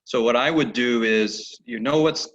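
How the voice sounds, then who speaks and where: A man teaching a horse training lesson over a video call, telling animated stories and acting out the horses' replies. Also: mid-range voice, a little slow. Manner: animated storyteller who acts out horses' replies. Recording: dull lo-fi video call audio.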